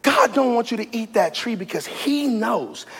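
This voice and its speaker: A man acting out a sly male serpent, dropping his voice deep and soft to coax and whisper temptations. The insistent repeating gives him a slippery, scheming edge. A long hall reverb trails every word. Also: very animated, normal speed, husky, full character voice. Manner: low, hushed, insinuating and repetitive.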